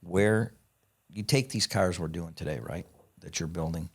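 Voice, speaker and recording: A man telling stories as a podcast guest in casual chat, excitable and profane, swearing as he talks. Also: low voice, measured pace, breathy edge. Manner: excitable, profane, animated storyteller.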